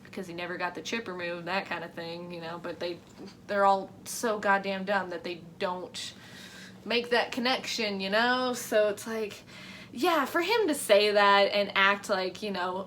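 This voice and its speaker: A woman's voice: mid-range voice, a little slow, fairly bright tone, a little hiss or hum. A woman giving casual reaction commentary, ranting in exasperation with lots of swearing and mocking quoted lines. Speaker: reaction vlogger.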